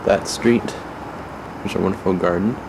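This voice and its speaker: A man with a low, gravelly voice gives a rambling tour of his family home, dropping wry asides as he goes. He speaks offhand and casual. The audio comes from a hissy 1990s camcorder mic. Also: fairly even intonation, normal speed. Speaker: home video maker giving a house tour. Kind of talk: casual handheld house tour. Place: family house, indoors and garden. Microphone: camcorder built-in mic.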